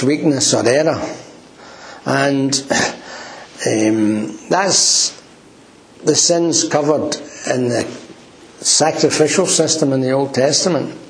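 A man's voice: medium pitch, rough recording. A man preaching a sermon in a church, earnest and emphatic. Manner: earnest, emphatic, quoting scripture.

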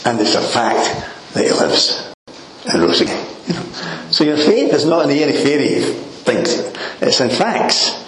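A man preaching in an easygoing, conversational manner, with frequent soft chuckles and asides to his listeners. His voice sits at an ordinary pitch and rings in an echoey room, with faint ambient noise behind it. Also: big pitch swings, measured pace. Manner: conversational, chuckling, peppered with "you know". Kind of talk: sermon.

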